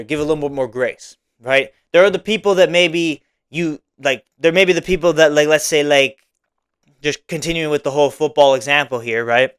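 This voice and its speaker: A man's voice: on the high side, a bit bright, clean tone. A young man hosting a solo podcast, talking casually and rambling, with many "like"s and "right?"s. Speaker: podcast host.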